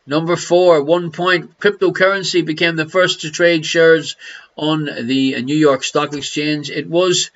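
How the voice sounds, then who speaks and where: A man's voice: a little high, fairly bright tone, lo-fi sound. A man with an Irish accent hosting a live online quiz, jokey and teasing, laughing between questions. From Ireland. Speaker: quiz host.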